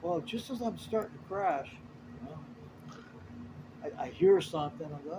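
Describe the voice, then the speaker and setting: A man's voice: on the high side, moderate pace, noisy background. A man, a truck driver, telling a road story in a rambling, profane, casual way. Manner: rambling, profane, animated retelling.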